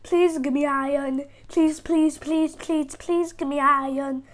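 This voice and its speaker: High-voiced woman chattering through a game. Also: steady tone, slow pace. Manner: chattering, repeats phrases over and over; easily startled, fretful. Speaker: gaming channel host. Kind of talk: casual gameplay commentary.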